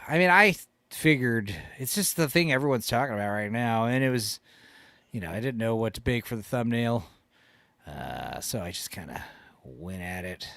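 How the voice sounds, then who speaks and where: A man's voice: medium pitch, animated, normal speed, a bit bright, no room sound, clean studio sound. A man, the regular co-host of a livestream, talking in a laid-back, playful way. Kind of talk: casual livestream chat.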